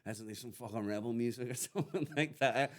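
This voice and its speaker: A man chats as a podcast guest, rattling along at a quick clip. He swears freely and spins joking rants. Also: mid-range voice. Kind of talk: casual chat.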